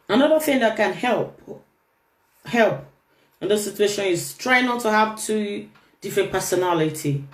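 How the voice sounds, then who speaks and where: A woman hosting a relationship talk, speaking earnestly and emphatically, often repeating her key phrases. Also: medium pitch. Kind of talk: earnest motivational talk to camera. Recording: roomy echo.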